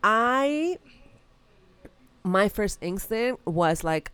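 A woman's voice: lowish voice, normal speed, clear, resonant tone. A mother in casual chat, telling a personal story in an earnest, reflective way, recorded on a close mic.

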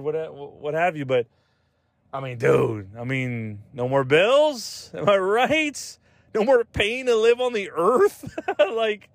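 Here the podcast host speaks at a medium pitch in a dry recording. Profane and loose, he rambles casually, leans hard on "like" and "dude," restarts sentences that trail away, and laughs at his own jokes.

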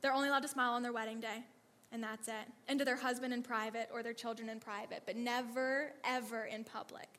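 A woman telling animated ministry stories to a church audience, laughing often and acting out the lines of the people in her stories. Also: fairly high pitch, fast. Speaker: speaker sharing ministry stories. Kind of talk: testimony storytelling to a church audience. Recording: long reverb of a hall.

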